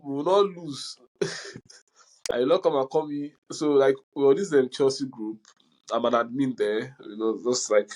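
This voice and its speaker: A young man with a medium-pitched voice hosts a podcast, chatting casually and telling stories with animation. He laughs often, and the audio quality is poor.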